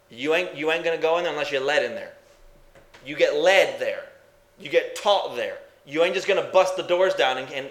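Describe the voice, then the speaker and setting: A man's voice: a little high, fairly bright tone, echoey room. A man preaching a sermon in a folksy, emphatic way. He asks the congregation questions and then answers them himself. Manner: folksy, says "ain't", builds to emphatic bursts.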